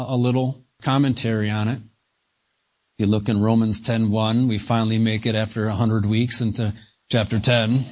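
A man preaching a sermon, slow and emphatic, leaning on single words for stress. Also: medium pitch. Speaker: pastor.

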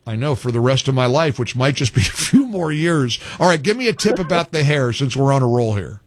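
A man's voice: medium pitch, lively intonation, a little fast. An older man hosting a call-in radio talk show, joking and exasperated, talking with callers.

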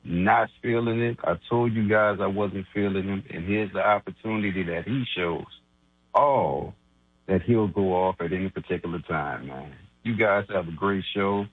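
A man's voice: low-pitched, normal speed, husky, no room sound. A man calling in to a sports radio show to mock a rival host. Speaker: caller. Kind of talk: call-in rant. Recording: tinny phone line.

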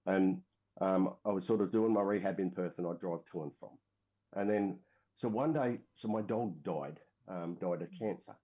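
Low-pitched and dark in tone, a veteran with an Australian accent speaks at a moderate pace, casually telling a lengthy story in an interview. He comes from Western Australia and keeps rambling, restarting and using fillers. The recording sounds dull and lo-fi.

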